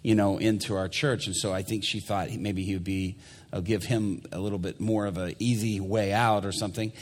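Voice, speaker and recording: A male pastor delivers a sermon, his voice sitting a little low. He tells a story with animation and acts out each person in it. A long reverb trails his words through the church. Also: brisk. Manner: animated storyteller, acting out quoted people.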